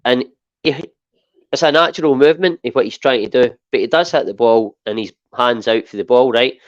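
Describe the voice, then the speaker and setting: Animated Scottish man on a podcast. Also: mid-range voice, brisk, dry recording, muffled recording. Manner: animated, emphatic, rhetorical "right?" tags. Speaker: podcast co-host. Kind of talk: casual football chat.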